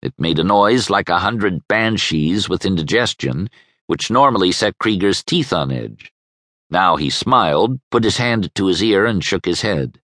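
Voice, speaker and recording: Male audiobook narrator, wry, expressive; dry studio sound. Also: sits low, a little slow, no room sound. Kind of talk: scripted narration.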